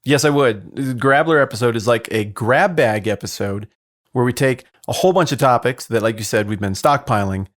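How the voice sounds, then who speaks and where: A man co-hosting a podcast in casual chat, answering with teasing jokes and quick questions. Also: mid-range voice, no echo, clean studio sound. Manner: joking, teasing quips. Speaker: podcast co-host.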